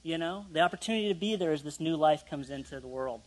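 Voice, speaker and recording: A man's voice: a little high, lively intonation, fast talker, low-quality recording. Conversational man preaching a sermon. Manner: conversational, self-deprecating asides, light laughs. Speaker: pastor.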